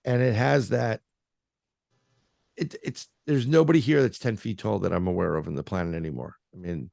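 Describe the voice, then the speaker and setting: Male guest, paranormal researcher, low gravelly voice, dry close sound, loose excitable storyteller. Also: moderate pace, dry recording. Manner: rambling, filler-heavy, restarts, excitable. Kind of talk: casual storytelling in an interview.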